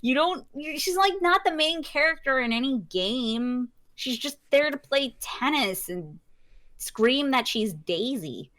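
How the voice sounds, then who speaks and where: A young woman chatting with a friend, gushing and giggling as she goes. Her voice sits a little high and swoops up and down a lot. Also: animated, a little slow, a bit bright. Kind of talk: casual chat.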